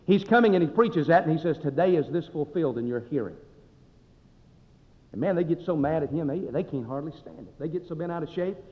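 A man's voice: fairly high pitch, quick pace, hardly any pauses. A male pastor preaching a sermon in a folksy, emphatic way, swelling and dropping his voice. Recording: dull sound with long hall reverb.

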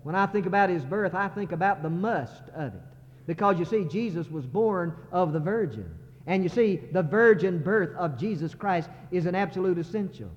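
Preacher man, high voice, echoey sanctuary. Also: animated, moderate pace. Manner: preacherly, building to impassioned crescendos. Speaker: pastor. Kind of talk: sermon. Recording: muffled sermon recording in a reverberant sanctuary.

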